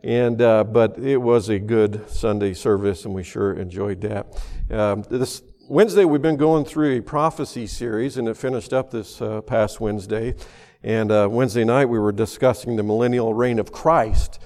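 A man's voice: fairly low pitch, normal speed, darkish tone, big-room sound. A man preaching a sermon as pastor, telling folksy stories with a lot of uhs and restarts. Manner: folksy storytelling with many fillers.

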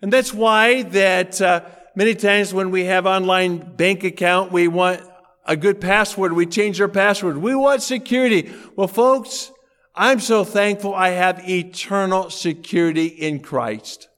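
A man's voice: high voice, unhurried, fairly bright tone, big-room sound. A male pastor preaching a sermon in a church auditorium, talking in a conversational way and telling anecdotes.

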